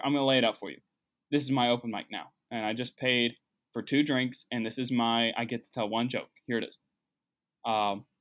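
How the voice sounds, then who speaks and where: A man's voice: mid-range voice, fairly bright tone. A young man talking casually in a comedic monologue, rambling and self-deprecating. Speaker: comedian hosting a journal podcast.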